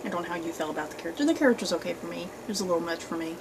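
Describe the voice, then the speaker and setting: A woman hosting a casual movie review chat, animated and chatty, often laughing. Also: lowish voice, rapid-fire, a little hiss or hum, rough recording. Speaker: host.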